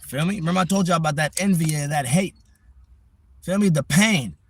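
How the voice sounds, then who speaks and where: Husky-voiced brash young male streamer. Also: on the high side, brisk. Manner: brash, slangy, talks straight to chat. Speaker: livestreamer. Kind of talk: casual livestream chat.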